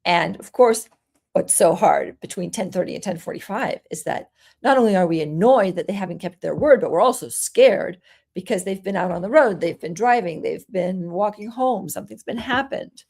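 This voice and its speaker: Woman, parenting coach, gentle and explanatory, mid pitch. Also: expressive, normal speed, creaky. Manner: gentle, explanatory, acts out soothing parent lines. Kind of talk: solo coaching talk.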